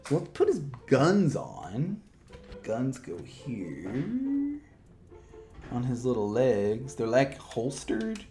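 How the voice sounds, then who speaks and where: Goofy, lively-pitched man reviewing toys. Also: slow, few pauses, soft background music. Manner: playful, goofy, self-mocking chatter; talks while handling a toy. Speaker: toy reviewer. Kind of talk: casual toy review vlog.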